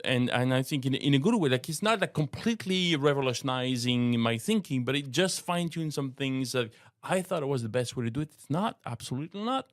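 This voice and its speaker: Older man, French accent, earnest podcast co-host, dry close sound, mid pitch. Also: animated, fairly quick, hardly any pauses, dry recording. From France. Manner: earnest, with frequent restarts. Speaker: co-host, apologetics teacher. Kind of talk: casual faith podcast chat.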